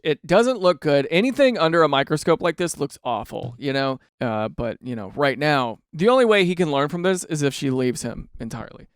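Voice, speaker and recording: A young man with a fairly high, smooth, clean voice, recorded close and dry, riffs on messages he reads aloud. He swings between disbelief and mock outrage, throwing in sarcastic asides as he goes. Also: no room sound. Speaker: host reacting to online posts. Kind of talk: comedic reaction commentary.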